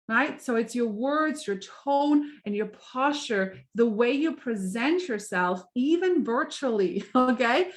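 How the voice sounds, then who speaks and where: An upbeat middle-aged woman talks through a live training session for her sales team, chatty and encouraging. Her voice sits a little high. She keeps checking in with her listeners and acts out small scenes as she goes. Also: lively intonation, unhurried, hardly any pauses. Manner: upbeat, chatty, often asks "right?" and acts out little examples. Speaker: direct sales team leader.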